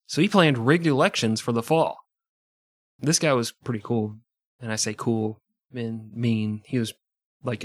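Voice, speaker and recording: A man's voice: mid-range voice, no echo, clean studio sound. A man narrating history as a podcast host, with profane, jokey asides. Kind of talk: irreverent comedic history narration.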